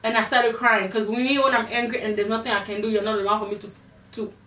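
A young woman vlogger telling a storytime, animated and indignant, with many fillers. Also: a little high, fast talker, distant mic, noisy background. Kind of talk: storytime vlog. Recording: echoey room, off-mic.

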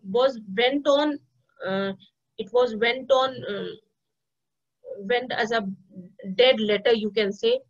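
A woman gives a spoken history lesson, halting and restarting often with many fillers. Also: a little high, a bit bright. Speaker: history teacher. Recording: dull lo-fi recording.

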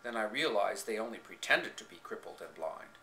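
A man's voice: fairly low pitch, very animated, fairly quick, vocal fry, pushed and bright. A man reading a story aloud in the first person with dramatic expression, recorded on a home camcorder in an echoey room. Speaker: reader.

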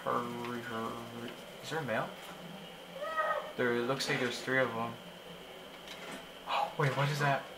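A young man giving casual, excitable commentary while he plays a video game, often exclaiming in frustration. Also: medium pitch, a little slow, pauses often, very noisy. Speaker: gaming YouTuber.

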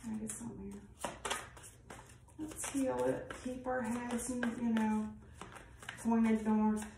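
A woman works through a casual tarot reading in a blunt, rambling way, swearing freely. Her voice sits at a middling pitch and carries a roomy echo. She is some way off the mic, with a faint hiss of noise underneath. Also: steady tone, slow pace, recorded from a distance. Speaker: tarot reader.

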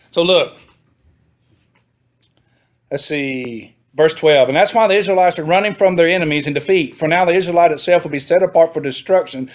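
A man leads a Sunday school lesson. He reads verses and retells them in a loose, talky way. His voice sits a bit higher than most men's, and he laughs as he goes and throws questions to the class. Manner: chatty, laughs often, asks the class questions. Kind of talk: casual Bible teaching.

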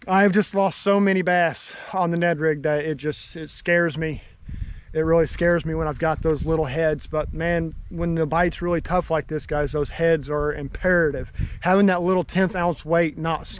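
A young man filming a casual fishing vlog outdoors by a creek, excitable and often calling out to his viewers as guys. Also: a little high. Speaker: fishing vlogger.

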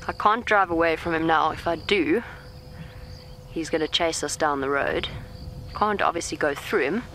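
Calm woman coaxing an elephant outdoors. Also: sits low, normal speed, low-quality recording. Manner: calm, coaxing, talks gently to the animal. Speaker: safari guide. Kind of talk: live commentary to viewers while coaxing an elephant. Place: outdoors in a safari vehicle in the bush. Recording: faint outdoor bush noise, insects.

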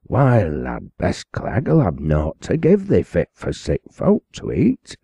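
A man's voice: deep voice, wildly swooping pitch, slow pace, gravelly, warm tone, husky, dry recording, exaggerated voice. A man voicing a blunt, kindly old shopwoman with a Lancashire accent and homely scolding talk. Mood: indignant. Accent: Lancashire dialect.

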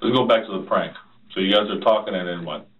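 A man's voice: on the low side, quick pace. A man interrogating a suspect, asking brief, probing follow-up questions. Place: interrogation room. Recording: distant, tinny room recording.

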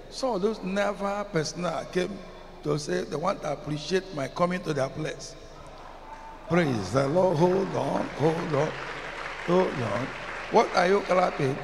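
A man's voice: high voice, gravelly, background noise. A man with a Nigerian English accent preaching a sermon as pastor, emphatic and chanting some phrases, asking the congregation questions. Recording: long reverb in a large hall, faint ambience.

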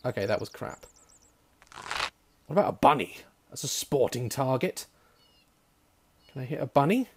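Excitable, jokey young man. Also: mid-range voice, normal speed, long pauses, a little hiss or hum. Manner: excitable, swears a lot, jokey. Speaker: gaming YouTuber. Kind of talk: gameplay commentary.

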